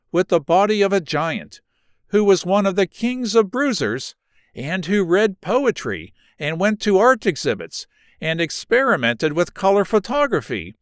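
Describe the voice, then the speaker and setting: A man narrating a novel in an expressive, measured reading. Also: sits high, clear, resonant tone, dry recording, studio quality. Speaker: audiobook narrator. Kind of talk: scripted narration.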